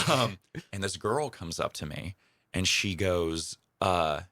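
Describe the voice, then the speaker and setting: A young comedian tells his stories in a radio studio, rambling and self-deprecating. His voice sits very low but carries a forceful, bright edge. The sound is dry and close, with almost no room around it. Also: animated, slow pace, dry recording. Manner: chatty, self-deprecating, rambling with fillers and laughs. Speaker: comedian, radio interview guest. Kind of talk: casual interview storytelling.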